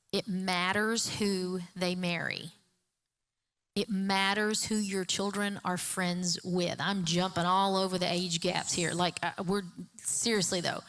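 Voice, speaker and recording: A woman pastor with a Southern US accent preaches in an earnest, folksy way, slipping in quick asides. Her voice is bright and clear and sits in a middle range. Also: mid-range voice. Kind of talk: sermon.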